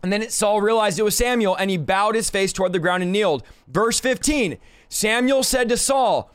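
A man's voice: high voice, normal speed, fairly bright tone, clean tone. A man hosting a podcast, giving a fervent preaching-style Bible teaching and exhorting the listener directly. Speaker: podcast host.

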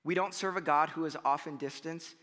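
Bright, high-voiced pastor, lively and chatty from the pulpit, long hall reverb. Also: male voice, brisk. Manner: animated, conversational preaching with frequent "right?" and "you know" asides. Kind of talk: sermon.

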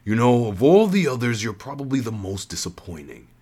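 A man's voice: mid-range voice, big pitch swings, fairly quick, mellow, slightly rough. A man voicing a scornful male villain. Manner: scornful, accusing. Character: cold, contemptuous male villain judging rulers.

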